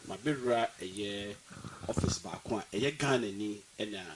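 A man hosting an on-location radio interview, lively and emphatic, mixing in English words. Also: lowish voice, measured pace, background noise. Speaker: radio host and reporter.

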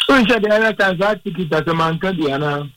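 Male caller, higher-pitched, indignant rambling rant, phone-in. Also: fast talker, dry recording, low-quality recording. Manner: animated, repetitive, rambling and indignant. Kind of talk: call-in radio football opinion.

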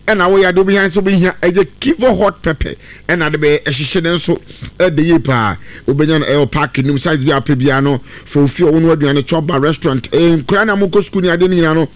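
A man presenting on radio, chatting and reading live adverts in a lively voice. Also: on the high side, no room sound.

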